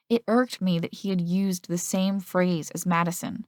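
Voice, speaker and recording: Woman narrating an audiobook, low and dry. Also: fairly even intonation, normal speed, few pauses, darkish tone, no echo. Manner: reads male and female characters' lines with shifts in pitch. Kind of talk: first-person audiobook narration.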